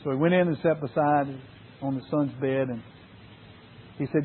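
A man's voice: on the high side, steady tone, normal speed, long pauses, slight background noise. A man preaching an earnest sermon to fathers, using emphatic repetition. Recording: tinny phone-like sound.

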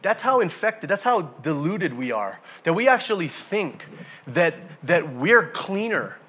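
Guy preaching a sermon, bright punchy voice, kinda animated, asks the crowd stuff. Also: high-pitched, unhurried, slightly rough. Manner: animated, acts out everyday scenes with rhetorical questions. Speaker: pastor.

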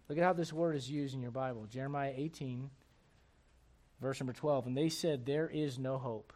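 Speaking from the pulpit, a pastor gives his sermon with emphasis, alternating between loud surges and hushed side remarks.

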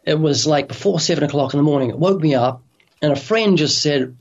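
A man's voice: on the high side, a little fast, highs cut off. A man speaking as an evangelist guest on a radio interview, earnest and urgent as he tells vivid illustrations.

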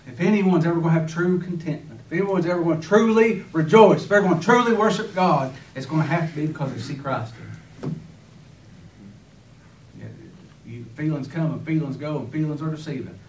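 A man's voice: a little high, a little mellow, slight background noise. A man preaching a sermon with fervor, firing rhetorical questions and breaking into sudden emphatic bursts. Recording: echoey room, voice from far off.

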